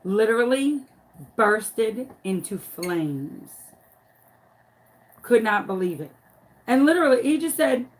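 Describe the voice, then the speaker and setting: Slow-talking woman telling an animated story. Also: fairly high pitch. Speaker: crafting vlogger and teacher. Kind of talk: casual storytelling while crafting. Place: home.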